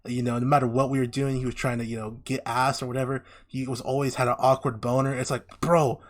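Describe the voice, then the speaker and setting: A man on a casual podcast, talking at an ordinary middle pitch. He recaps an episode with animated energy and puts on quick voices for the characters. His delivery is loose and conversational. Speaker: podcast co-host.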